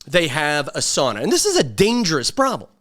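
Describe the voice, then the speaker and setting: A man's voice: a little high, wildly swooping pitch, a little fast, a bit bright. A man in his fifties from Long Island, hosting a podcast in a rambling, sarcastic and self-mocking casual monologue. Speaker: podcast host.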